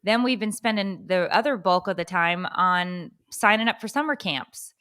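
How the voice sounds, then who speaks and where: A woman's voice: mid-range voice, fairly bright tone, smooth. A woman co-hosting a parenting podcast, chatting casually with a teasing, joking manner. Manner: teasing, quick to laugh. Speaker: podcast co-host.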